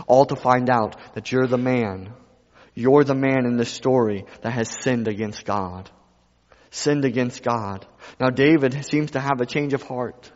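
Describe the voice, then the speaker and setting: A male pastor preaching a sermon, moving from quiet passages to loud ones and repeating phrases for emphasis. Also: medium pitch. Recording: dull sound with long reverb in a hall.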